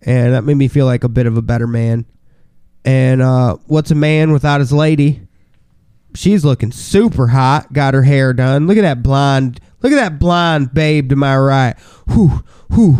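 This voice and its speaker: A man's voice: mid-range voice, a little slow, darkish tone, clean tone, dry recording, clean studio sound. A man co-hosting a podcast, talking in a crude, profane, boisterous casual way. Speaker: podcast co-host. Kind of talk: casual chat.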